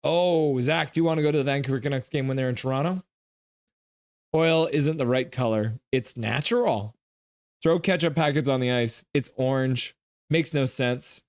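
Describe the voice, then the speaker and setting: A man's voice: mid-range voice, normal speed, no echo, studio quality. A man streaming a live hockey game reaction, reading chat messages aloud and teasing viewers in a playful, jokey way.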